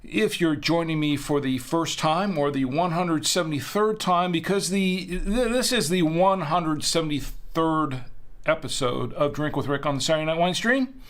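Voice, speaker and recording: Man, live stream host, casual rambling chat, slightly high voice, home studio. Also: moderate pace, fairly bright tone. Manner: chatty, rambling, self-correcting.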